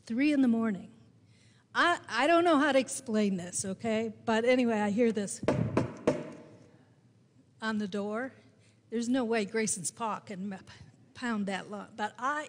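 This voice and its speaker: A woman preaching with a Midwestern American accent, her voice sitting a little high. She tells her story slowly and deliberately, leaning into key words. The sound carries the long reverb of a church sanctuary. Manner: storytelling, slow and deliberate with emphatic rises. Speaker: pastor. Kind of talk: sermon.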